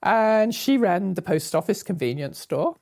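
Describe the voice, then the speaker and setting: An older Englishwoman with an English accent, telling travel stories in a lively way, often laughing as she goes. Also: medium pitch, measured pace, vocal fry, no room sound, clean studio sound. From England. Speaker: interviewee recalling her travels. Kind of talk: anecdotal storytelling.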